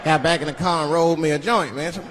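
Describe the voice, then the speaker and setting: A stand-up comedian tells stories on a comedy stage before a live audience, speaking fast in a fairly high-pitched voice and acting out the voices in them. The live show is noisy, with loud audience laughter behind him.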